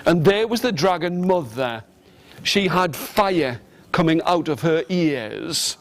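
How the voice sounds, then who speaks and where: A man telling a fairy tale to children with animated, rhythmic repetition, coaxing his listeners to join in. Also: a little high, slow. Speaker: storyteller. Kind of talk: interactive storytelling to children.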